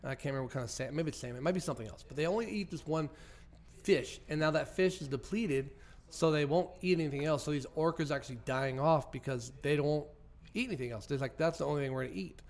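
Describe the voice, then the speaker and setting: A man hosting a crude comedy podcast, telling stories loudly with lots of swearing and laughter. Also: on the high side, fast talker. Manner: loud, profane storytelling, laughs often. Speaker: podcast host.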